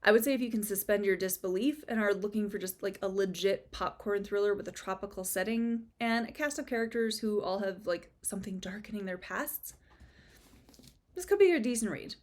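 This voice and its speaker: A woman's voice: mid-range voice, fairly quick, a little mellow. A young woman giving a casual, chatty book review, with sarcastic asides and frequent fillers.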